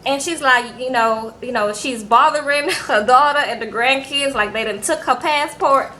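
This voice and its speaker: Sassy high bright-voiced woman recapping. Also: normal speed, slight background noise, poor audio. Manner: animated, acts out quotes with sassy asides. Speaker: YouTube reality show recapper. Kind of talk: casual recap vlog.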